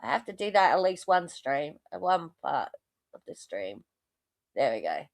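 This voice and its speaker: A woman's voice: sits low, very animated, normal speed, no echo, studio quality. Sarcastic woman commentator. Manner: sarcastic, swearing, mocking. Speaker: host reacting to clips. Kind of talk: casual commentary over clips.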